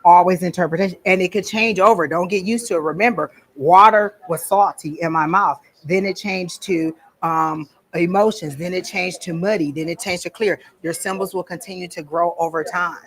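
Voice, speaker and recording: A woman's voice: lowish voice, fairly even intonation, moderate pace, few pauses, poor audio. A woman teaching a class on psychic reading, talking casually and telling stories with frequent ums. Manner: chatty storytelling with frequent ums. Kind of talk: casual teaching talk to a small group.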